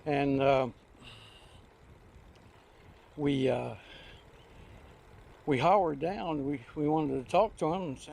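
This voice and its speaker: A man's voice: fairly high pitch, takes it slowly, vocal fry, long pauses, darkish tone. An older man telling rambling, folksy anecdotes in homespun speech while out on a trike ride. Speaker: vlogger. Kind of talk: casual storytelling while riding. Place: outdoors on a recumbent trike ride.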